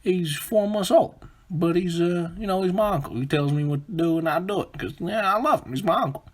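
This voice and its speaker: A rambling, folksy Southern US man, as a comedian puts him on, goofy and earnest, his voice pitched up high and a little husky. He stumbles and restarts as he talks about his infant uncle. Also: a little fast. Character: goofy Southern guy proudly introducing his baby uncle.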